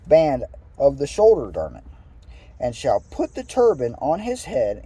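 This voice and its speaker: Male reader, very dark and a bit husky; casual scripture reading, trips on words, adds asides. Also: mid-range voice. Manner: reads aloud with stumbles and asides. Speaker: Bible reader.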